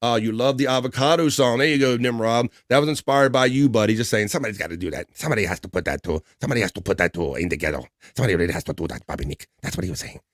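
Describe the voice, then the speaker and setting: Barely pausing, a middle-aged man with a lowish voice rattles through viewer comments on his casual livestream. He's upbeat, chatty, and quick to laugh. The audio is studio quality with no echo.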